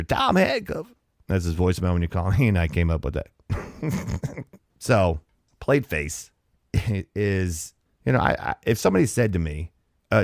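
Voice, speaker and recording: A man's voice: low voice, dry recording, clean studio sound. A man hosting a comedy podcast, ranting in a sarcastic, exasperated way with frequent restarts. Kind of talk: casual comedic rant.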